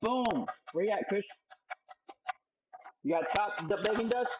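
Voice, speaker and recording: Young dude doing a goofy cooking demo, kinda high voice, swears a lot. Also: male voice, moderate pace, noisy background. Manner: playful, joking, swears freely. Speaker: cooking show host.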